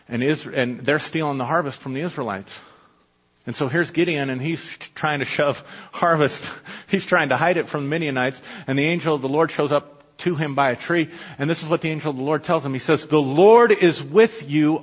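Guy preaching, kinda high and husky, lots of "you know what?", echoey hall. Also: fairly even intonation, a little fast. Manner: emphatic, conversational preaching with rhetorical questions. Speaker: pastor. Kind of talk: sermon. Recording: echoey hall, dull lo-fi sound.

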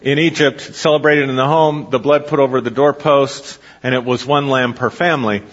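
A man's voice: mid-range voice, steady tone, moderate pace. A man preaching a sermon, reading scripture aloud and explaining it, asking his listeners questions as he goes. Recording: dull hall recording with long reverb.

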